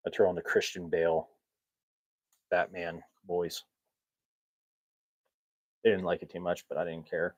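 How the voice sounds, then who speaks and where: A low-pitched man hosting a laid-back podcast, rambling through loose stories with frequent chuckles. He jokes at his own expense. The recording is close and dry, with no room sound. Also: flat delivery, measured pace, pauses often, no room sound, low-quality recording. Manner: rambling, chuckles often, self-mocking humor. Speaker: podcast host. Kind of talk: casual chat.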